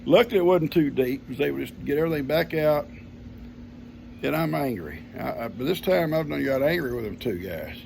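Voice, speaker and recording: An older man with a drawl spins a homespun yarn in a deeply gravelly, creaky voice that sits a little high for a man. His telling is folksy and easygoing. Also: animated, brisk, a little mellow, a little hiss or hum. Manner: folksy, homespun grammar, chuckling storyteller. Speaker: vlogger telling a family story. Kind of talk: casual storytelling.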